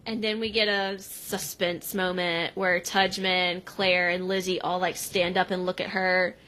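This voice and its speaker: A woman's voice: lowish voice, level tone, unhurried, sharp tone. A woman co-hosting a podcast, casually recapping an episode and acting out the lines in a chatty way. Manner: chatty, acts out quotes. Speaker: podcast co-host.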